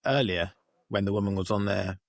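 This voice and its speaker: Lowish guy cracking jokes from the side, dry sound. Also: a little fast, gravelly, no echo. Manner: teasing interjections. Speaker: podcast co-host. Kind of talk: casual chat.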